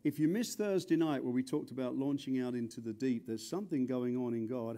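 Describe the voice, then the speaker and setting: Male preacher with a warm, mellow voice. Chatty, joking sermon delivery. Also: mid-range voice, brisk, few pauses. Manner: chatty and joking, with frequent stumbles and repeats. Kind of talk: conversational sermon.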